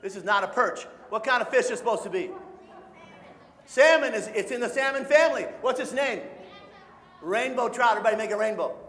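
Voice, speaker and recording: A man from Michigan runs a nature talk for a family audience, cracking jokes and getting everyone to repeat words back to him. His voice sits high for a man. The sound carries the long reverb of a large hall. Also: a little fast, a bit bright. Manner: playful, call-and-response, sings short songs. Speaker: nature educator. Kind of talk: live audience presentation for families. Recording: echoey hall.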